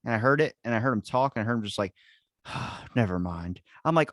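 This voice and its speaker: A man's voice: mid-range voice, fast talker, dry recording, clean studio sound. A young man hosting a podcast in casual chat, rambling and swearing with a jokey edge. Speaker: podcast host.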